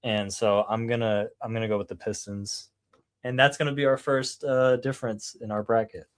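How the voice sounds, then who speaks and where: A man's voice: mid-range voice, steady tone, moderate pace, clean tone, dry recording. A man co-hosting a podcast, chatting casually about basketball, slangy and rambling, with lots of "bro" and swearing. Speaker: podcast co-host. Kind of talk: casual sports chat.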